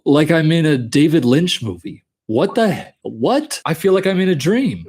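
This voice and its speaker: Animated, husky-voiced man reacting. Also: a little high, moderate pace, few pauses. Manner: animated, laughing, incredulous. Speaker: reaction video host. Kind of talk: casual reaction commentary.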